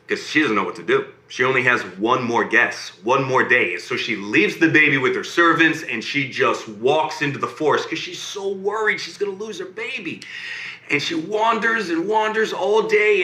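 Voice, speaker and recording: A man telling a bedtime fairy tale to a child, animated and often checking in with "okay?" and "right?", recorded in an echoey room. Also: mid-range voice. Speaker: storyteller reading to a child. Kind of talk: bedtime story narration. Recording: roomy echo.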